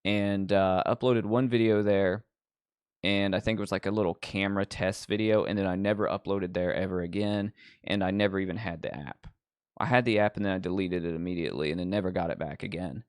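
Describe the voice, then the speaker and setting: A man with a lowish, smooth voice hosting a livestream, rambling along in casual chat with plenty of ums and likes. His sound is dry and close. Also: steady tone, a little fast, dry recording. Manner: rambling, lots of um and like. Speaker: livestream host.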